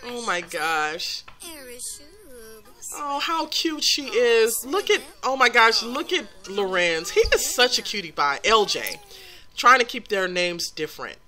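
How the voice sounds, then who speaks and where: A woman's voice: fairly high pitch, sing-song, unhurried, bright, forceful tone. A woman hosting a life-simulation game series, chatting about the story in a gossipy, giggly way with lots of fillers. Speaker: let's play host narrating a life-sim story. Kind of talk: casual gameplay commentary.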